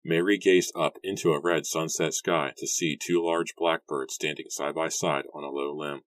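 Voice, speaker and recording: A man reading a novel aloud as an audiobook narrator, calm and measured. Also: very deep voice, no room sound. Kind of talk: scripted narration.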